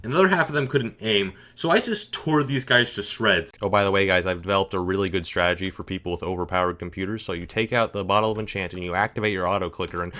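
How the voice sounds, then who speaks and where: A man telling a comedic gaming story in a dry, deadpan, matter-of-fact way. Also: low voice, quick pace, few pauses, slight background noise.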